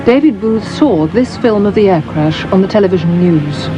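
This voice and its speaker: A woman reads a documentary voice-over in a crisp, formal manner, her voice at an ordinary middle pitch. Clear music plays under her, and the old TV sound is dull and lo-fi. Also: expressive, normal speed. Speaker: documentary narrator.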